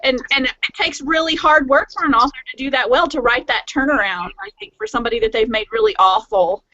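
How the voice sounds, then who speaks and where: A woman author chatting on a podcast panel, thoughtful and rambling with many pauses. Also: high-pitched, lively intonation, bright, forceful tone, no echo. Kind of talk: casual chat. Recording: dry, dull lo-fi audio.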